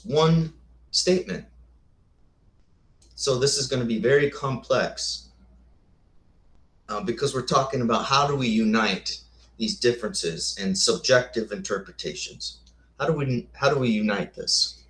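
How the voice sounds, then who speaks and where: A man's voice: medium pitch, unhurried, long pauses, a bit bright. Man, casual lecture with slides, rhetorical questions, restarts, roomy echo. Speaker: host. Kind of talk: casual lecture with slides, answering chat comments. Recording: echoey room.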